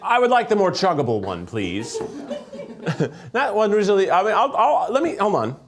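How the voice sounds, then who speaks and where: A man's voice: sits high, wildly swooping pitch, a crowd in the background. A man hosting a casual food-tasting chat, joking and rambling and laughing easily between bites. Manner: jokey, rambling, quick to laugh. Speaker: host. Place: studio set with food conveyor belt.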